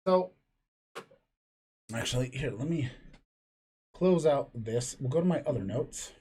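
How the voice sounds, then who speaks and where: A man's voice: medium pitch, lively intonation, unhurried, mellow, husky. A middle-aged man hosting a podcast from his home, telling long, profane, rambling stories in casual chat. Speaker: podcast host. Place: home room apart from co-host.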